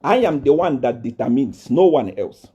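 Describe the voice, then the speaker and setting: A man from Nigeria, preaching to a congregation as a self-proclaimed prophet. He is boastful and defiant, repeats himself and rises to shouts. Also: medium pitch, big pitch swings, normal speed, husky, lo-fi sound.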